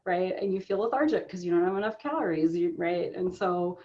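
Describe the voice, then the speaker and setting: A woman's voice: medium pitch, a little fast, muffled recording. A middle-aged woman speaking as an interview guest, earnest and conversational, often checking in with "right?" and filler ums. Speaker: guest, author and business owner.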